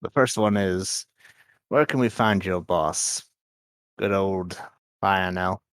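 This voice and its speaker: A man's voice: sits low, takes it slowly, fairly bright tone, smooth, no room sound. A man playing a sly scheming gang agent. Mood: probing. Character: smooth, scheming male gang representative. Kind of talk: voicing a character in a tabletop game.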